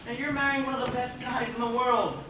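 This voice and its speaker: A woman's voice: on the high side, fairly even intonation, a little fast, natural voice. Woman playing a soothing father of the bride. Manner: soothing, reassuring. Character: gentle, steady father of the bride. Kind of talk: stage acting. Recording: echoey hall, distant mic, noisy.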